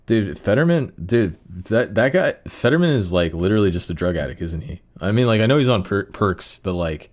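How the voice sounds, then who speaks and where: Rambling young man, low voice. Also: expressive, fairly quick, hardly any pauses. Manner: rambling, full of fillers and restarts. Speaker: podcast host. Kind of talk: rambling solo chat.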